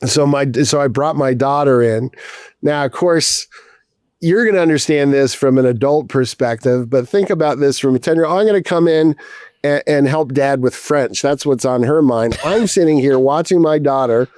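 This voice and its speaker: A man's voice: mid-range voice, moderate pace, a little mellow, dry recording, clean studio sound. A man in his fifties, a distiller guest, telling a casual story with a rambling flow, many restarts and casual swearing.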